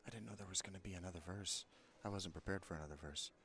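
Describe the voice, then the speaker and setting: A man's voice: low-pitched, very fast, pushed and bright. A man hosting a let's play, casually commenting on a video game with joking, rambling asides.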